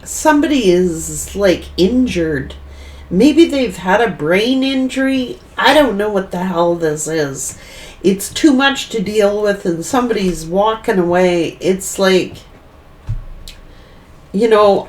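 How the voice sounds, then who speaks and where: Slow, rambling woman tarot reader. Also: medium pitch, animated, darkish tone, recorded from a distance. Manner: rambling and repetitive, thinking aloud. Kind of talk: tarot reading monologue.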